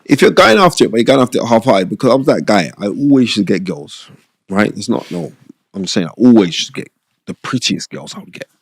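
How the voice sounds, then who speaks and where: A middle-aged man talks in a low, gravelly voice that crackles with fry. He tells his stories with animated emphasis, circling back on phrases and checking in with his listener. The sound is dry and close, with no room around it. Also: fast, dry recording. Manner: animated, emphatic, repeats phrases for effect, frequent "you know what I mean". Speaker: podcast host sharing his boxing past. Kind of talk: conversational storytelling.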